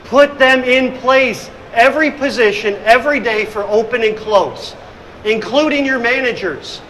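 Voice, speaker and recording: Middle-aged guy, really high voice, lively storytelling presenter at a conference. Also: a little slow, a little hiss or hum, rough recording. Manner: energetic storytelling, acting out scenes. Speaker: hospitality consultant and speaker. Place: conference room.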